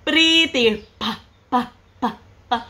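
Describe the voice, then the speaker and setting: A woman using slow, sing-song baby talk as she coaxes a toddler through words and counting. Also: sits high, big pitch swings, pushed and bright. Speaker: parent teaching a toddler.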